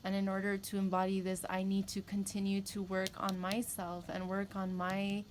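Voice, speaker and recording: A woman's voice: mid-range voice, monotone, normal speed, noisy background. A woman giving a tarot reading, talking candidly and rambling, with emphatic repeats. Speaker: tarot reader. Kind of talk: casual spiritual talk to camera.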